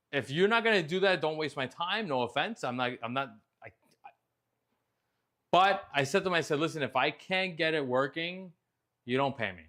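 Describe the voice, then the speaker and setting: A man's voice: fairly high pitch, sharp tone. A man, hosting a casual chat show and telling a story with a lot of animation and frequent swearing. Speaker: host.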